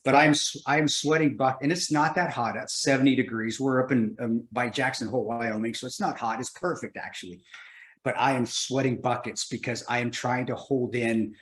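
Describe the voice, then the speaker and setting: A male guest telling a story in a casual interview, animated and laughing, slipping into other people's voices. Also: mid-range voice, moderate pace, roomy sound.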